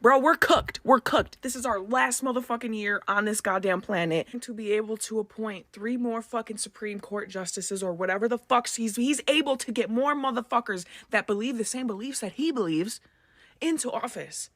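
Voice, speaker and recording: A woman's voice: a little high, normal speed, fairly bright tone, no room sound. A woman in an angry, profane vlog rant, heavily emphatic.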